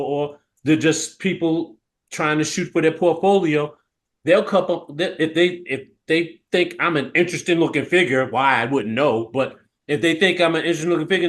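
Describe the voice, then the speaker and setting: A man co-hosting a podcast makes his points candidly and with emphasis. His voice sits slightly high for a man. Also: a bit bright. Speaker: podcast co-host. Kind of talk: casual chat.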